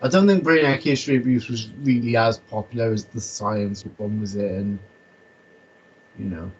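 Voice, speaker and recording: A man's voice: lowish voice, moderate pace, highs cut off, slight background noise. A man chatting casually on a video call, rambling with lots of stammered restarts. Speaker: host.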